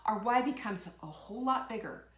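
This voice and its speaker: A woman's voice: on the high side, animated, fairly quick, fairly bright tone, echoey room. A woman hosting a live motivational talk show, fired up and emphatic, firing rhetorical questions and reading out viewer comments. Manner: reads out viewer comments and laughs. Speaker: host.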